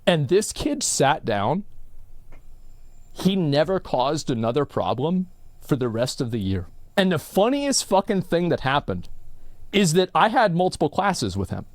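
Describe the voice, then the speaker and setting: Lively, rambling male streamer. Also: on the high side, a little slow, no echo. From Texas. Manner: rambling, profane, full of filler words. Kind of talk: casual storytelling on a live stream.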